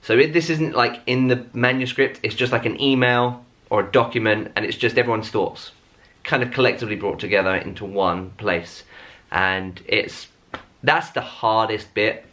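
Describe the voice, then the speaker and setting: Bright-voiced man, rambling vlog. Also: on the low side, fairly even intonation, moderate pace. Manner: rambling, self-mocking, chatty with many fillers. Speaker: vlogger. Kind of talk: casual chat to camera. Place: at home.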